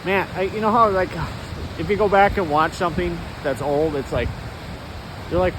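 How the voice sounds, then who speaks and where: A man rambles through a loose monologue while walking outdoors, full of asides. His voice sits high for a man. A faint wind hiss touches the handheld phone mic. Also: steady tone, moderate pace. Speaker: vlogger.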